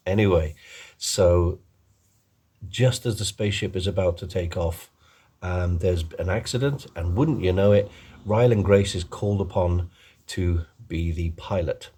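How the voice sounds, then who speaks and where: Male reviewer, deep and a little raspy, chatty and meandering with lots of fillers. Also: a little slow, dark tone. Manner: rambling, many ums and restarts. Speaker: film reviewer. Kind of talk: rambling casual film review.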